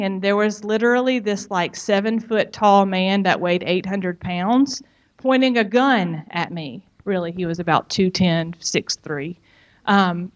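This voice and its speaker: Woman, middle pitch, frank testimony speaker, conversational with emphatic asides, muffled audio. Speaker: speaker giving a personal testimony. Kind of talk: personal testimony talk.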